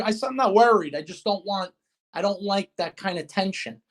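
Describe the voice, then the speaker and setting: A man's voice: high voice, animated, brisk. A man in casual chat as a guest, venting with heated, profane talk and retelling conversations.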